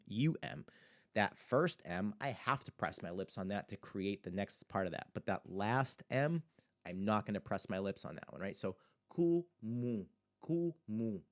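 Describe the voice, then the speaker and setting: This is a man's fairly low voice in a casual spoken language lesson. He explains in a loose, relaxed way with plenty of fillers. He slows down to say each example word several times. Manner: repeats example words slowly, relaxed filler-heavy explaining. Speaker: language teacher.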